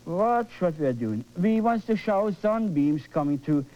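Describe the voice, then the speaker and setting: A man's voice: sits high, very animated, unhurried, mellow. A man teaching painting as he works, fervent and coaxing, often repeating his words. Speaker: painting instructor. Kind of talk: live painting demonstration. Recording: dull lo-fi broadcast recording.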